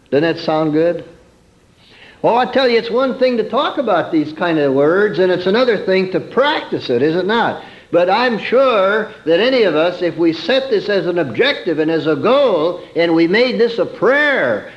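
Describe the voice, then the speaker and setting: A man preaching a sermon in a storytelling way, swinging from emphatic peaks to soft, quiet asides. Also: high voice, very animated, normal speed, highs cut off.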